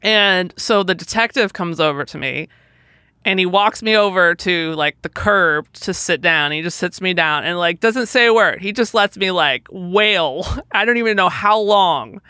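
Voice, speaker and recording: A woman's voice: lowish voice, a little slow, sharp tone, no echo, clean studio sound. A woman podcast co-host telling an emotional personal story, acting out the people in it with quoted dialogue.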